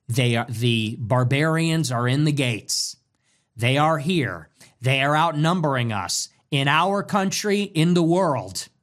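A man's voice: fairly high pitch, a bit bright. A man delivering a scornful, mocking rant as a political commentator, hammering points through repetition. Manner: contemptuous, mocking, emphatic repetition. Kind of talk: ranting monologue.

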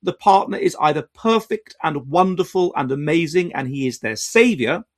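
A man hosting an educational video, explaining in a measured, lecturing way with restarts and quiet asides. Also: fairly high pitch, lively intonation. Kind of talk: explanatory talk to camera.

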